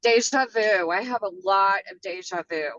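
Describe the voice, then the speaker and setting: A woman's voice: mid-range voice, normal speed, a bit bright, dry recording, dull audio. An older woman on a video call, sharing her experience hesitantly and searching for her words. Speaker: workshop participant.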